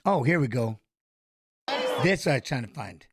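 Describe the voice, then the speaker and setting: A middle-aged man hosting a fight watch-along, talking casually in an animated, rambling way and often repeating his phrases. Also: medium pitch, moderate pace, heavy background noise. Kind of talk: casual live fight commentary.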